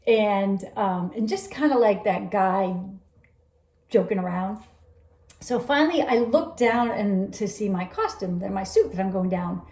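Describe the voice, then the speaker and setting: A woman's voice: mid-range voice, a little slow. Chatty woman telling a story, roomy echo. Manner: animated, rambling, laughs often, acts out quoted dialogue. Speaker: vlogger recounting a personal experience. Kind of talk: casual storytelling monologue.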